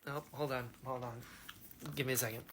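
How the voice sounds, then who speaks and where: A man reacting casually to a book he just read, excitable and gushing, with gasps and mock voices. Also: medium pitch, brisk, noisy background. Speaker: book reviewer.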